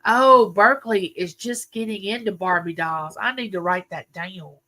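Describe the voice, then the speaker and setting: An older woman with a drawl hosts a casual live chat, her folksy talk drifting between memories and viewers' comments. Her voice is bright and clear, pitched in a middle range. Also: moderate pace. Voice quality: chatty, folksy, reminiscing. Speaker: livestream host.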